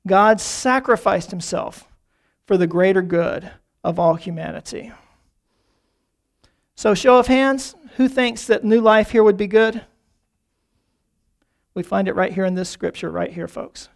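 A man preaching a sermon, often calling the congregation folks and repeating key phrases, slowing down to stress them. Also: high-pitched, gravelly. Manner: slows down on key phrases for emphasis.

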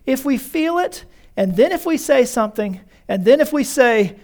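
A man's voice: very high-pitched, lively intonation, moderate pace, a little mellow. A male pastor preaching a conversational sermon in a church, calling his congregation folks.

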